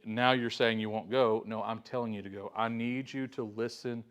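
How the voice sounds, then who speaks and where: A man voicing God as a stern, commanding figure who gives a quiet, low, firm reprimand. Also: steady tone, normal speed, lightly acted.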